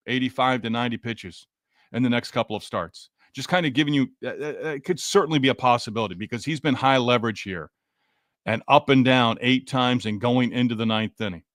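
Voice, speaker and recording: This podcast host has a mid-range, slightly bright voice, captured cleanly in the studio with no room sound. He keeps the post-game sports talk casual, reading out listener comments from the live chat and saying hello to each person by name.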